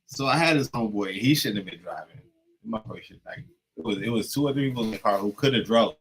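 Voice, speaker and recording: A man's voice: lowish voice, quick pace, slightly rough, rough recording. A young man on a podcast, casually telling a profane story and acting out the dialogue. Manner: animated, profane, acts out dialogue.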